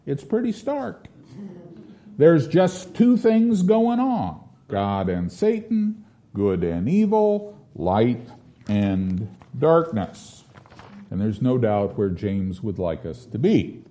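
Slow, dramatic man preaching a sermon. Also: medium pitch, big pitch swings. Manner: slow deliberate preaching, rising to forceful declamation in scripture readings.

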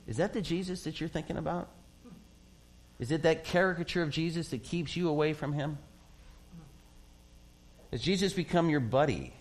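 A man preaching a sermon as a pastor, in a conversational way, acting out quoted voices and often laughing. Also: fairly high pitch.

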